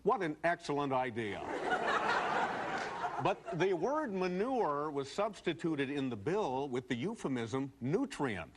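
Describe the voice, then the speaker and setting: Mock-earnest man doing comic commentary. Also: slow. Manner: mock-earnest, animated, jumping into high shouts. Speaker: comedy commentator. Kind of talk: comic editorial monologue. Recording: noisy TV studio tape.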